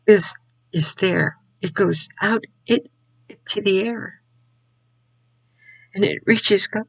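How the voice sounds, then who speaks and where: An older woman giving her Christian faith testimony on video speaks slowly and haltingly, often repeating herself. Her medium-pitched voice is gravelly and a little husky, recorded close, dry and rough.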